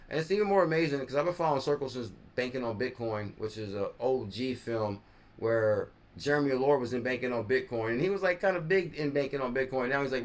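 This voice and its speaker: Rambling male crypto live streamer. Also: mid-range voice. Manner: rambling, thinks aloud, trails off and corrects himself. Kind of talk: casual live stream commentary.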